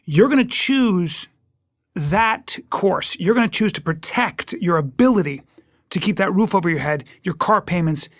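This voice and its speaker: A man, a stand-up comedian guest, talking in a casual interview in an emphatic, joking way that swings from loud to hushed. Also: high-pitched, animated, normal speed, dry recording, studio quality.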